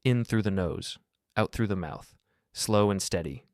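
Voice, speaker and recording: Deep-voiced man narrating a story. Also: creaky, dry recording, clean studio sound. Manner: steady, grave, measured. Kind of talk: first-person story narration.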